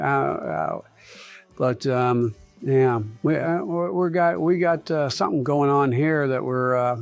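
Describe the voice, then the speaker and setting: A man's voice: medium pitch, vocal fry. A man voicing a confused, rambling old male politician who mumbles, meanders and swears.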